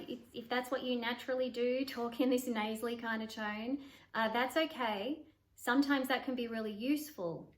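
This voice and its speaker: A woman voice coach teaching to camera in an encouraging, explanatory tone, now and then demonstrating breathy, nasal or creaky voices. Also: on the high side. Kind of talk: voice lesson to camera.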